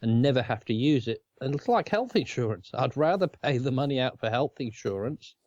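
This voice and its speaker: A man's voice: mid-range voice, lively intonation, a little fast, darkish tone, no echo, dull audio. A man with an Australian accent co-hosting a casual chat, rambling and chuckling often. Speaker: co-host.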